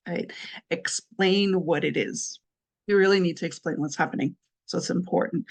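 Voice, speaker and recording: Woman giving parenting advice in a steady voice. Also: lowish voice, moderate pace, gravelly. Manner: explains step by step, repeats key points, laughs lightly. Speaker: podcast host. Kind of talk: solo advice talk.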